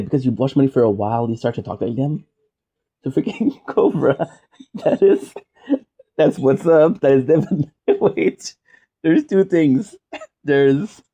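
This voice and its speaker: A man, talking in a loose, joking monologue and wandering from one tangent to the next. His voice sits at an ordinary male pitch with a warm, mellow tone. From Quebec, Canada. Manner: rambling, jokey, goes off on side tangents. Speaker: streamer. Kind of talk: casual rambling monologue.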